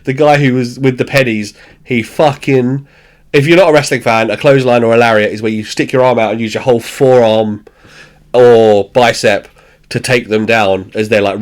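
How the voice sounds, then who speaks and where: A man retells a sitcom episode in casual podcast chat. His voice sits at a middling pitch, and he swears freely, laughs often and acts out the characters as he goes. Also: fairly even intonation, moderate pace. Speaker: podcast host. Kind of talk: casual chat recapping a show.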